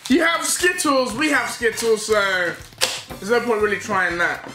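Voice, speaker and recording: A young British man on a casual taste-test vlog, reacting loudly and with excitement. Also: sits high, a little slow. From United Kingdom. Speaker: YouTuber. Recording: echoey room with loud music.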